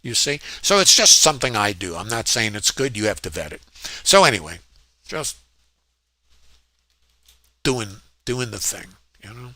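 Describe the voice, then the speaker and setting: A man's voice: fairly low pitch, sing-song, normal speed, pauses often, sharp tone, no room sound. A man walking through his trades in a casual, rambling lesson, often asking rhetorical questions. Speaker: trading educator. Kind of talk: screen-share trading lesson.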